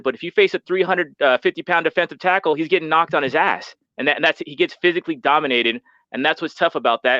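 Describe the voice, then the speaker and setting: A man calling in to a sports show, excited and stammering as he talks about his team. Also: a little high, dry recording. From San Francisco Bay Area. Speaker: caller. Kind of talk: casual sports talk. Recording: dull lo-fi call line.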